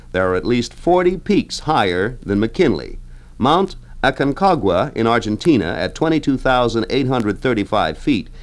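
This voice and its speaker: A middle-aged man hosting a scripted radio trivia segment in a studio, with a breezy, folksy, chatty delivery and little asides. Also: mid-range voice.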